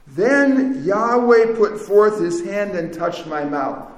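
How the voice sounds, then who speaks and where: A man lectures to a room, reading passages aloud and then stopping to explain them, with the odd restart. His voice sits a little high. The room is roomy and echoey. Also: animated, takes it slowly, few pauses. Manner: reads verses aloud then comments, with small restarts.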